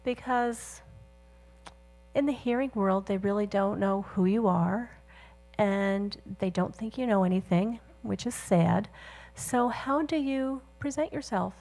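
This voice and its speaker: A woman's voice: mid-range voice, unhurried, dark tone. A woman interviewer posing earnest questions to a guest.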